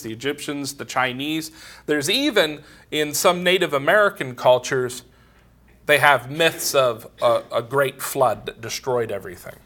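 A man's voice: mid-range voice, pushed and bright. A man giving a casual theology lecture, wandering into asides and often saying "you know".

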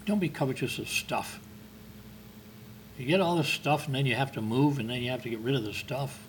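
Preaching a little fast in a medium-pitched voice, a man talks conversationally to his listeners over slight hiss or hum. He asks rhetorical questions, lifts his voice for emphasis, and reads scripture aloud using King James wording.

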